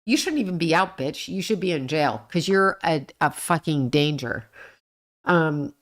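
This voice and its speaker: A woman's voice: low voice, expressive, measured pace. Blunt, swearing woman livestream host. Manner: blunt and profane, rants and swears at the people she discusses; talks back to chat comments. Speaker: livestream host reading chat. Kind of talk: casual livestream chat.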